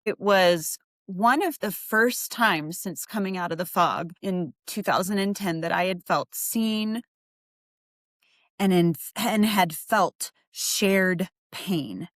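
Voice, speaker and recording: A woman's voice: medium pitch, takes it slowly, no room sound, studio quality. A woman hosting her own podcast, talking in an earnest, reflective way and openly letting her emotions show. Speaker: podcast host and adoptee coach. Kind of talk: podcast monologue.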